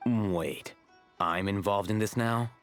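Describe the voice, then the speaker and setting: An actor voicing an aloof young scholar in a video game, deadpan and understated. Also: male voice, fairly low pitch, slow pace, soft background music. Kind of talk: game voice acting.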